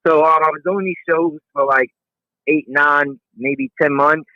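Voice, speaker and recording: A man telling a personal story in a relaxed, slangy way with many fillers. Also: fairly high pitch, unhurried, no echo. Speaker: interviewee. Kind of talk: casual storytelling. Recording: dull, dry lo-fi audio.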